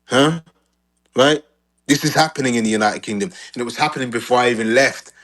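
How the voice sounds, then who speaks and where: A man from Nigeria, talking in lively live-show debate banter. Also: mid-range voice, fairly quick. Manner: animated, playful, mimics voices.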